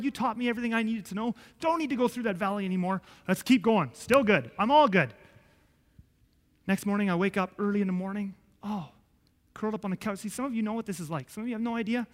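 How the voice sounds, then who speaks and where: A man preaching a sermon as pastor, telling a personal story with sudden swings from hushed to loud. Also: sits high. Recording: church hall reverb.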